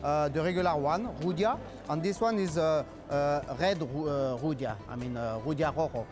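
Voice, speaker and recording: A chef with a French accent, talking through a cooking demonstration in a halting way, with fillers and restarts. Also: male voice, on the high side, music in the background. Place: outdoors on a hillside.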